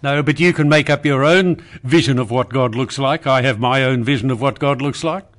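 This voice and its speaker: A man playing a veteran older Australian radio host, wry and unhurried, in a comedy radio sketch. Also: medium pitch, close to an everyday voice. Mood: dry.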